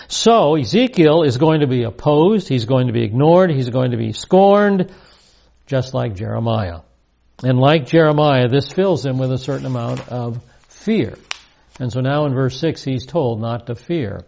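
A man's voice: medium pitch, animated, unhurried, creaky, darkish tone, dull audio. A man giving a verse-by-verse Bible teaching, emphatic and repeating key points with rising stress.

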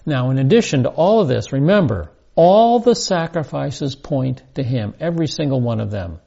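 Man, sermon teacher, emphatic verse-by-verse style, dark mellow tone, lo-fi recording. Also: medium pitch, big pitch swings, creaky. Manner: deliberate, emphatic verse-by-verse explaining. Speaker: Bible teacher. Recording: dull lo-fi sound.

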